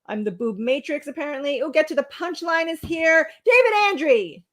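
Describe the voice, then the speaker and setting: A woman in her thirties with a fairly high voice, co-hosting a casual livestream. She teases, rambles and rattles off viewer names over a webcam mic. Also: fairly quick, a bit bright. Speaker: co-host of a livestream show.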